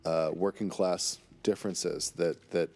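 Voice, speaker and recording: Low raspy guy chatting over an episode, easygoing, excited about shots. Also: unhurried, dry recording. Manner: relaxed, enthusiastic, chatty with fillers. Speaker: episode writer giving DVD commentary. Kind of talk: casual DVD commentary.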